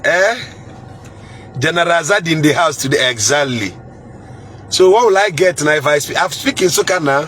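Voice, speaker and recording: A man's voice: on the high side, animated, moderate pace, pauses often, fairly bright tone, a little hiss or hum. A man with a Nigerian accent hosting a casual live chat, reading viewer comments in a playful way, chuckling and repeating phrases.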